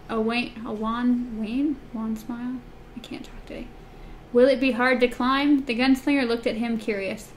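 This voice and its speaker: A woman co-hosting a casual book discussion podcast, chatty and reading passages aloud in a softer voice. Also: slight background noise. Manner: chatty, reads quotes in a soft low voice. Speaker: podcast co-host.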